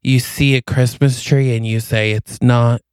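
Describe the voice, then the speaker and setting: A man co-hosting a podcast, improvising a romantic movie plot, telling it deadpan in the second person. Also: medium pitch, normal speed, clear, resonant tone, dry recording. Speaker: podcast co-host. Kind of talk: improvised comedic storytelling.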